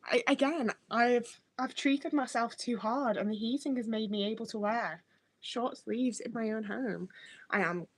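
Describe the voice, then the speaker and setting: A woman's voice: a little high, unhurried, breathy edge, no room sound. Sweary chatty Northwest English woman. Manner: chatty, sweary, self-mocking. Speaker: streamer. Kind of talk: casual livestream chat with viewers. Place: her own home.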